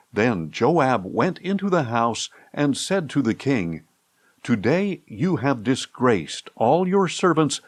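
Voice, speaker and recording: Slow, expressive man reading scripture. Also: mid-range voice, no room sound. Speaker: audiobook narrator.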